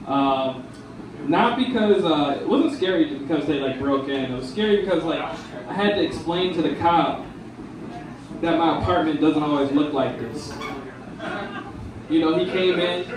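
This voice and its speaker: Young guy doing standup at a bar, kinda high voice, lots of ums, sounds far off and echoey. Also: background noise. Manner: rambling, casual, lots of ums and dudes. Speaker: stand-up comedian. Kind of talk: stand-up comedy set. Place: bar lounge stage.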